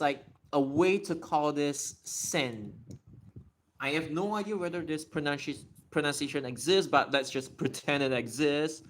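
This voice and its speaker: A man's voice: a little high, fairly bright tone. A man hosting a casual live Q&A, thinking aloud, repeating and restarting words as he tests how they sound. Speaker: livestream host. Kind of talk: casual live Q&A explaining Japanese readings.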